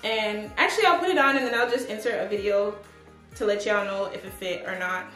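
A fashion vlogger talks briskly through a clothing try-on haul in a mid-range, fairly bright voice, upbeat and chatty, full of fillers like "like" and "but yeah," and sometimes out of breath. She's filmed by a camera on a tripod in a room at home, with a roomy sound and faint music behind her.

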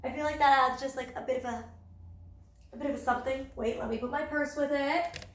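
A bubbly Canadian woman in her twenties chats casually as a fashion-loving vlogger, her talk full of "like" fillers. Her high voice has fairly even intonation, runs a little fast and sounds reverberant.

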